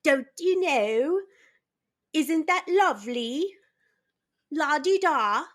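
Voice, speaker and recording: A woman putting on a prim, fussy older British cat lady in a sing-song, drawn-out genteel lilt. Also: sits high, animated, a bit bright, voice pushed up, exaggerated voice. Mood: prim, chirpy.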